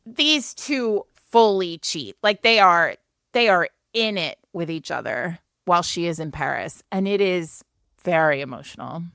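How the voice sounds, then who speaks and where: A woman co-hosting a book podcast, excitedly retelling a romance novel in casual chat with lots of filler words. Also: fairly low pitch, measured pace, gravelly, no room sound, clean studio sound. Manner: animated storytelling, many filler likes. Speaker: podcast co-host.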